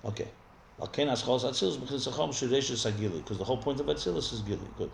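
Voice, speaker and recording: Rabbi teaching a text class in an echoey room. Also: male voice, mid-range voice, fast talker, vocal fry, slight background noise. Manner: thinks aloud with many restarts, explanatory. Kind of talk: live text study class. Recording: echoey room with faint ambience.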